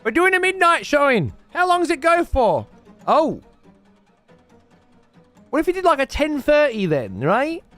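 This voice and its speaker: A prissy cinema worker in a squeaky, sing-song voice, as a man mocks him, high and faintly silly with quiet music behind. The tone is mocking and overdone. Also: huge pitch swings, unhurried, pauses often, exaggerated voice.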